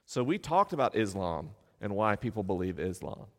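A middle-aged man, the show's host, telling wry, self-deprecating stories to a live audience from a stage, with quick asides. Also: fairly low pitch, very animated. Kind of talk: live stage talk, conversational storytelling. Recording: long hall reverb from a live venue.

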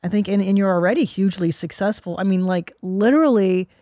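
A woman's voice: mid-range voice, quick pace, mellow, no echo, studio quality. A woman hosting a podcast, chatting candidly and swearing freely. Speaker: podcast host. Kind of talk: casual podcast chat.

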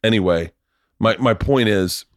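A man's voice: fairly low pitch, a little slow, no room sound. A middle-aged man in casual chat, telling stories animatedly, acting out voices and swearing freely on a close mic. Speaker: podcast guest, husband of host.

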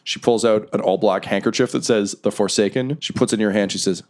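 A man's voice: fairly low pitch, fairly even intonation, a little mellow. A young man running a tabletop role-playing game, narrating the fight and its aftermath in a playful, often laughing way. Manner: laughing, playful narration with quick voiced side characters. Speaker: game master.

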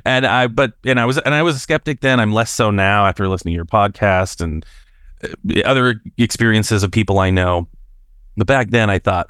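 Man, caller from Washington State, low voice, chatty storytelling, lots of fillers, dry sound. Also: lively intonation, moderate pace, fairly bright tone, no echo. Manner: chatty, many fillers and restarts. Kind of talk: casual storytelling.

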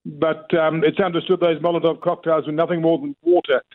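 A man's voice: on the high side, flat delivery, brisk. Man on a tinny phone line. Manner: chatty, with frequent fillers and restarts. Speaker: radio correspondent. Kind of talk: casual chat with the host.

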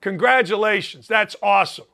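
A man's voice: high-pitched, moderate pace, gravelly, pushed and bright. A man hosting a sports talk show, delivering a blunt, rambling, combative college basketball rant.

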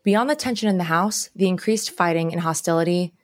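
Woman reading true crime narration, lower voice, measured, music playing under it. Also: no room sound, studio quality. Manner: measured, dramatic storytelling. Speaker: podcast co-host. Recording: clear music bed underneath.

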